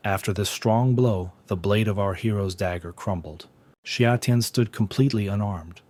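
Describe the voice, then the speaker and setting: A man narrating a comic story recap in steady, plain, scripted storytelling. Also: lowish voice, moderate pace, no echo.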